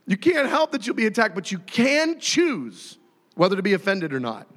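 A man's voice: high-pitched, normal speed, in a large hall. A man in his thirties preaching a sermon, telling stories and acting out the voices in them. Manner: animated storytelling, acting out voices. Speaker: pastor.

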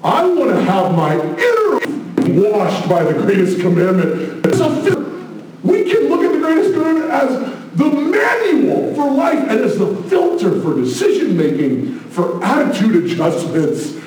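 A man preaching a sermon, passionate, moving between hushed asides and loud exclamations. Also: very high-pitched, sing-song, a little slow, slight background noise. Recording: very echoey room, mic at a distance.

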